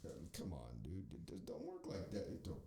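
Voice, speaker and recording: Profane, rambling low-voiced male podcast host. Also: huge pitch swings, fairly quick, gravelly, echoey room, background noise. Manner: rambling, profane, mocking storyteller who acts out quoted voices. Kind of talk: profane comedic podcast riffing. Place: podcast studio.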